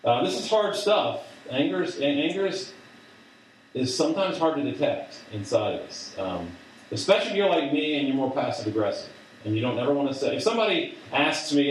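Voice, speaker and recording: A man's voice: mid-range voice, lively intonation, normal speed, a little hiss or hum. A man delivers a sermon in an easy, conversational way, stopping and restarting often with fillers. His voice sits in the middle range and comes from some distance from the mic. The sound carries heavy echo from a large room. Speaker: preacher. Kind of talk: sermon to a student group. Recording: echoey hall from a distance.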